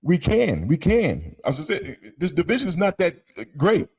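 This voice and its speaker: A man's voice: fairly high pitch, wildly swooping pitch, normal speed, a little mellow, husky. A man in his forties co-hosting a casual sports podcast, loose and rambling, often repeating words and restarting his phrases. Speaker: podcast co-host, former NFL player.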